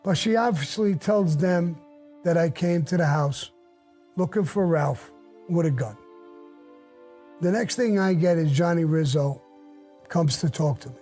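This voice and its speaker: A man's voice: a little high, a little slow, pauses often, warm tone. An older man bluntly recounting his past in a casual, profane storytelling way, with faint music behind.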